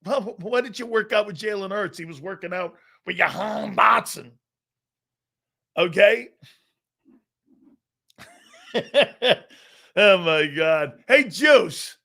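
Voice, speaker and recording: A man hosting a live football talk show, bantering loudly, laughing and swearing as he riffs. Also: sits high, slow pace, gravelly, long pauses. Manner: animated, laughing, bantering, profane. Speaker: sports talk show host.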